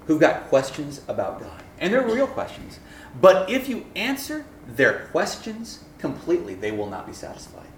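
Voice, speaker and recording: A man giving a sermon to students, telling stories with humor and acting out the voices in them. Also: medium pitch. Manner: animated, acts out voices in his stories. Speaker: campus minister giving a talk. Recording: echoey room, mic at a distance, faint noise.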